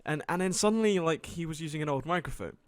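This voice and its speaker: A man's voice: animated, quick pace, dry recording, studio quality. A British man co-hosting a casual gaming podcast, telling a story in a rambling way with fillers, restarts and frequent laughter. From Britain. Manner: laughs often, jumps high when quoting. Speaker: podcast co-host. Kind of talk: casual chat.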